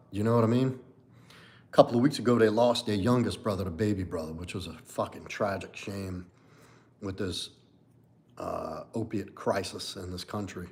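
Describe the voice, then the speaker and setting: With a fairly low pitch, a forty-something coach runs a casual livestream and responds to viewer comments in a blunt, candid, profane style, peppered with "like" and "you know."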